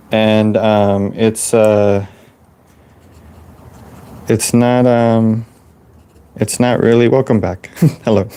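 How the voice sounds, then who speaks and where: A man telling a rambling, deadpan tall tale with many halts and restarts. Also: lowish voice, gravelly. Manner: halting, full of restarts and fillers. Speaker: storyteller drawing on camera.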